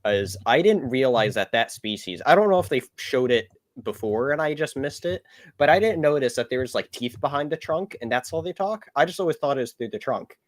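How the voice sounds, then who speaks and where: Lively man in a fan chat. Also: mid-range voice, brisk. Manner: animated, hesitant restarts. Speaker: podcast co-host. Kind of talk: casual fan review chat.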